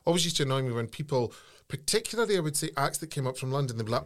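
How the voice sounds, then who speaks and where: A man's voice: a little high, rapid-fire. A man co-hosting a comedy podcast, gossipy and camp, telling stories with put-on voices. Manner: camp, gossipy, animated storytelling. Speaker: co-host, comedian. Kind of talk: casual comic chat.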